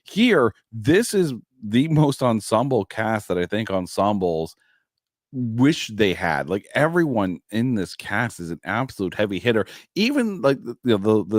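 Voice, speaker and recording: A man's voice: medium pitch, no echo, clean studio sound. A man guesting on a movie podcast, talking enthusiastically and stumbling over repeated words as he explains his thoughts. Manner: enthusiastic, stammers on restarts. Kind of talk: casual podcast chat.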